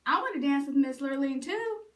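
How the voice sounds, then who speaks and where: A woman's voice: high-pitched, animated, moderate pace, echoey room, far from the mic. A woman voicing a humble, hardworking young ranch hand in a storybook, earnest and pleading.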